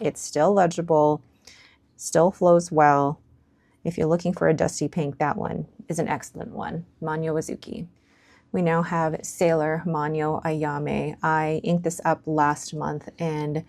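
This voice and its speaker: A young stationery vlogger with a lowish, dark-toned voice casually reviews and swatches fountain pen inks. She muses aloud, now and then dropping almost to a whisper, and the recording is dry.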